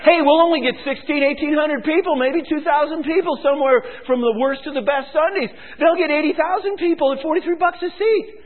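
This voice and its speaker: A man's voice: very high-pitched, brisk. A man preaching a sermon as pastor, sarcastic and emphatic, mocking his listeners. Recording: tinny phone-like recording.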